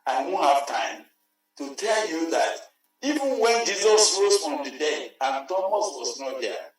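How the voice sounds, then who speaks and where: A man preaching a sermon, emphatic and repeating his phrases, sometimes rising to a shout. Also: fairly high pitch, big pitch swings, unhurried. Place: large church hall. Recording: very echoey church hall, mic far off, faint music.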